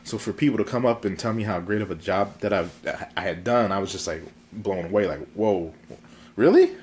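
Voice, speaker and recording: A man's voice: lowish voice, a little fast, a little hiss or hum. A man hosting his own video talk show, chatting casually and goofily with a stuffy, congested throat and lots of fillers, recorded on a phone. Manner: chatty, goofy, rambling with fillers. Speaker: vlog host.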